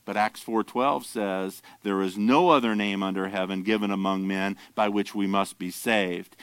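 A man preaching a sermon as pastor, explaining scripture verse by verse in an emphatic, animated way. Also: on the low side, moderate pace, few pauses, smooth, no room sound.

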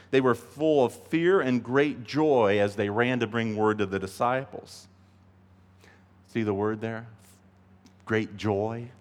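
A man preaching a sermon as a pastor, emphatic and animated, acting out the voices he quotes. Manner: emphatic, acts out quoted voices, rises in pitch when pleading. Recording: long reverb of a large hall.

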